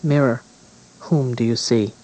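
A man voicing a devout witch queen stepmother, coaxing and pleading in a dark storybook. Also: medium pitch, fairly even intonation, unhurried, lightly acted, low-quality recording. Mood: commanding.

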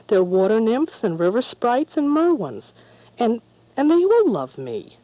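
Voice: medium pitch, big pitch swings, measured pace, dark tone, no room sound, muffled recording, pitched above the performer's own voice. A storyteller voicing a lonely young merchild boy who pleads and stammers, from a storybook. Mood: stammering.

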